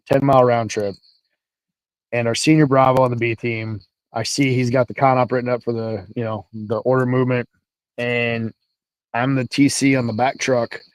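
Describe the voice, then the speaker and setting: A man telling a military story in casual talk, animated and profane, acting out the dialogue. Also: medium pitch, no echo, rough recording. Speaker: guest, military veteran.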